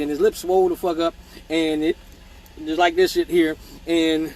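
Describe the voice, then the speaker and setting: A man with a high voice tells a rambling story on a casual livestream. He swears freely and keeps breaking off to joke with the people watching. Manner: profane, rambling, joking asides to viewers. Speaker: male exotic dancer hosting a live Q&A show.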